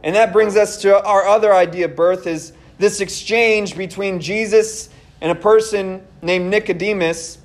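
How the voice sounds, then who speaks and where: A high-pitched young man preaching a sermon as pastor of his church. He talks earnestly and conversationally, turning to his listeners with casual asides. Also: steady tone, moderate pace.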